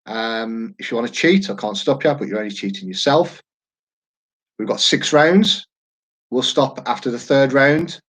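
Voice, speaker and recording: A man's voice: medium pitch, moderate pace, a bit bright, rough recording. Man, thirties, easygoing online quiz host, rambles and jokes. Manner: chatty, jokey, rambling asides. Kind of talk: casual live-stream chat.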